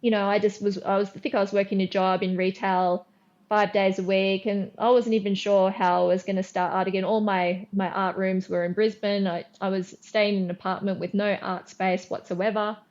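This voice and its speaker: A middle-aged Australian woman, a guest artist, telling lively anecdotes in a casual interview, acting out her own lines and often restarting sentences. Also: medium pitch, normal speed, lo-fi sound.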